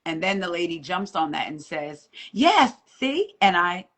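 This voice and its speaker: Woman, low-ish voice, chatty live-stream guest, lively storyteller who mimics quoted voices. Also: moderate pace. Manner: animated retelling, acting out quoted voices. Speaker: guest courtroom reporter.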